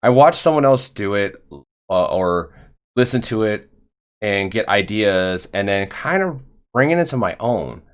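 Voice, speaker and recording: A man's voice: lowish voice, animated, measured pace, clean tone. A man hosting a casual interview podcast, rambling and stumbling over his words. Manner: rambling, stumbling, frequent fillers. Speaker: podcast host.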